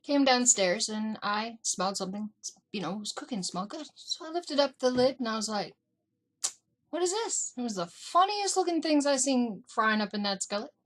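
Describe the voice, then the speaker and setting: A middle-aged woman vlogger telling family stories in a casual, animated way, acting out what her relatives said. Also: a little high, a little fast, hardly any pauses. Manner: animated, acts out family members in quotes. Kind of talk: casual storytelling. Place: indoors.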